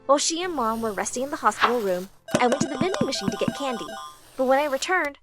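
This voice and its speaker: A young woman narrating a first-person storytime in a dramatic, expressive way. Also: high voice, fast, over loud music.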